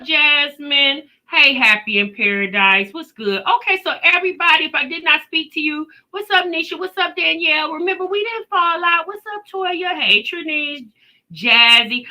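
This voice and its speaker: A woman's voice: sits high, pushed and bright. A woman hosting a casual livestream, greeting viewers by name and chatting, tired after a day at work. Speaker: reaction channel host.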